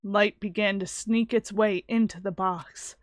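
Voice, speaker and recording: A woman reading the narration of a nervous, earnest teenage boy in a plain, slightly lowered voice. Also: fairly even intonation, a little slow, no echo, lightly acted. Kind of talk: reading game narration aloud.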